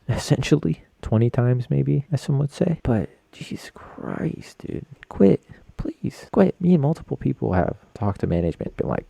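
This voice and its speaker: Gravelly low-voiced young man ranting. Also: mellow, dry recording. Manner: rambling, crude and self-mocking. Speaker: podcast host. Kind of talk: casual solo podcast monologue.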